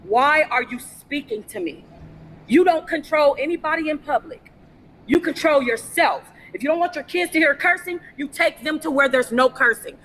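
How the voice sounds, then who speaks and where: High-voiced woman ranting profanely. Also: normal speed, slight background noise. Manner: profane, confrontational, repetitive shouting. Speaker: livestreamer. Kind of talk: angry livestream rant. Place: indoors in a fast-food restaurant. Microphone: phone held for a livestream.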